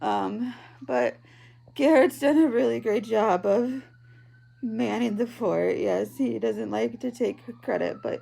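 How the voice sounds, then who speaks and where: A woman in her thirties talking in a personal video diary from home, halting and tearful, with many pauses and ums. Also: a little high, vocal fry, mellow. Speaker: vlogger, patient. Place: at home, in bed.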